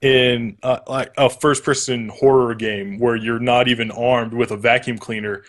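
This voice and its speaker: A man joining a gaming show as a guest over an internet call. He talks loosely and easily, chuckling along with the host. His voice sits at an ordinary middle pitch. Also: fairly even intonation, moderate pace. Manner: easygoing, laughing along. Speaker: guest game video maker.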